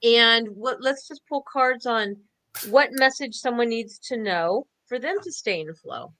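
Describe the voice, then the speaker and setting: Bright-voiced chatty woman co-host. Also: fairly high pitch, a little slow, slight background noise, rough recording. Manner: chatty, upbeat, laughs often. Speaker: co-host doing card readings. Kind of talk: casual online show chat.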